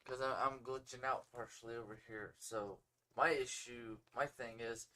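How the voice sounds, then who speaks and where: A laid-back man co-hosting a home livestream, his voice in a middle register. He talks easygoing and unhurried and shrugs off problems. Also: medium pitch, steady tone, sharp tone. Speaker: podcast co-host. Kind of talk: casual livestream chat. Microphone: phone or home streaming setup.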